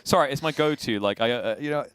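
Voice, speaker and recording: Joking man with a smooth dry voice. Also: mid-range voice, fast, fairly bright tone, no echo. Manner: jokey, rambling, lots of fillers. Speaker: co-caster. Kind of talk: casual chat.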